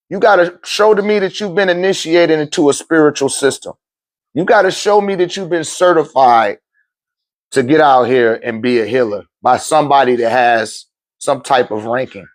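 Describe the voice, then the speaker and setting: A man ranting to his livestream viewers as a spiritual teacher, blunt, profane and animated, laughing often between phrases. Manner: animated, swings between loud outbursts and low muttering. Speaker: spiritual teacher and seller of metaphysical goods.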